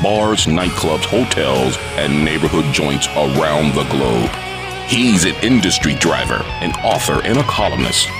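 A man reads a radio show's opening in a booming announcer style. His voice sits very low and swoops widely through each phrase. Loud guitar music plays right behind him. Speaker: show announcer. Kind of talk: scripted show intro over music.

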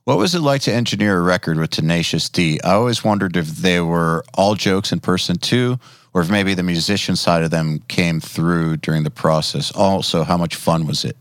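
A man hosting a podcast, relaxed and brief, reading out listener questions. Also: low-pitched, moderate pace, dry recording, studio quality. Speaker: podcast host. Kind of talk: casual podcast interview.

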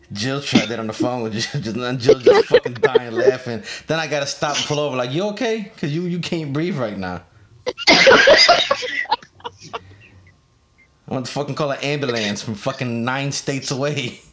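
A man's voice: medium pitch, sing-song, measured pace, long pauses, background noise. A man hosting a casual chat, swearing often and laughing through his stories. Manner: profane, laughing storyteller. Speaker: host.

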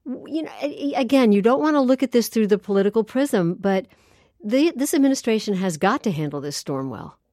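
A woman co-hosting a political discussion panel. She questions her guests quickly with frequent restarts, and her voice sounds dry and close. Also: fairly high pitch, lively intonation, mellow, dry recording. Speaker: co-host.

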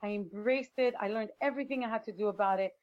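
A woman's voice: medium pitch, fast talker, dull audio. A woman guest, a motivational speaker, telling a personal story with feeling in an interview and acting out what people said. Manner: emotional, vivid storyteller acting out quotes.

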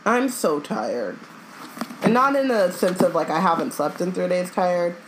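A woman's voice: fairly low pitch, animated, measured pace, background noise. A woman co-hosting a casual book podcast, blunt and jokey, who swears freely. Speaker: podcast co-host. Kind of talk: casual chat.

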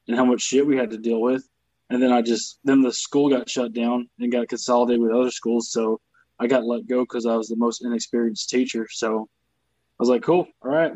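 A man's voice: medium pitch, a little mellow, no room sound, muffled recording. A man who grew up in the American South, telling stories as a comedian guest on a podcast in a casual, self-deprecating, profane way. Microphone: remote video call.

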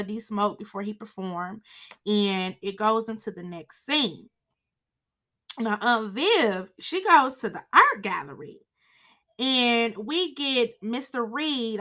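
A young woman hosting a podcast, recapping a TV episode in a sassy, slangy, animated way. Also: medium pitch. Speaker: podcast host recapping a TV series. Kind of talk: casual recap and review.

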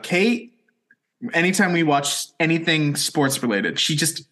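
A man's voice: on the high side, pushed and bright. Joking, profane young man. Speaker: podcast co-host. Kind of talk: casual chat and episode recap.

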